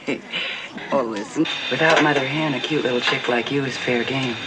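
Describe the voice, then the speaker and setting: A woman's voice: very deep voice, moderate pace, heavy background noise. An actress playing a seasoned female prison inmate who takes newcomers under her wing, bossy, protective and wisecracking. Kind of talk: film drama acting. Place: prison mess hall. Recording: loud dish and cutlery clatter. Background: clattering dishes and cutlery.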